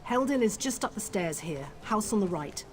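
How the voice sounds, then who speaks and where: An actress playing a brisk, commanding female guard captain in a video game, hurried and authoritative. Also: medium pitch, animated, music in the background, lightly acted. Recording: game audio with clear ambient noise.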